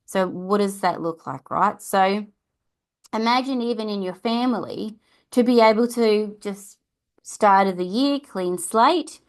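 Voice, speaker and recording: A middle-aged Australian woman talks through parenting advice in a casual, earnest way. She restarts her sentences and tags them with quick questions to the listener. Her pitch sits in an ordinary middle range for a woman. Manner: chatty, earnest, repeats and restarts, tag questions. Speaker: podcast host and parenting coach.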